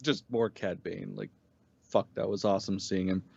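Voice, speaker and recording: A man's voice: deep voice, normal speed, vocal fry, a little mellow, breathy edge, dry recording, highs cut off. A man co-hosting a casual review podcast, laid-back, mostly giving short agreeing replies. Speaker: podcast co-host.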